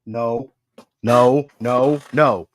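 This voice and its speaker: A man's voice: medium pitch, steady tone, extremely slow, a little hiss or hum. A man chatting casually on a livestream while making parts for a figure, sighing and complaining in a laid-back way. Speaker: co-host of a toy customizing livestream.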